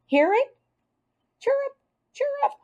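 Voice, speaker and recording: A cheeky schoolboy prankster with a high, bouncing voice that leaps up and down, as a woman reads him in an audiobook. He sounds pleased with himself and always ready with a joke, in a slow, deliberate telling. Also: big pitch swings, highs cut off. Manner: cheeky, bright and raised. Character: mischievous joking schoolboy, about ten. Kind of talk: audiobook character voice.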